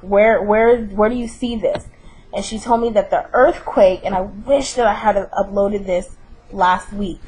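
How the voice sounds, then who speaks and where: A woman's voice: medium pitch, a little mellow, breathy edge, poor audio. A woman in her thirties, a mother telling a long story in a casual, rambling way, with many fillers, restarts and repeated phrases. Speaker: mother recounting her daughter's vision.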